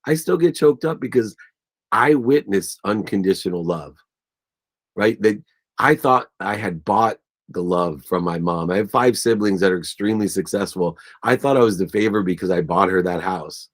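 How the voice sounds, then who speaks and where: A business coach appearing as an interview guest speaks at a moderate pace in a fairly low voice. He shares emotional personal stories, takes on the voices of family members, and grows choked up, yet remains earnest and animated.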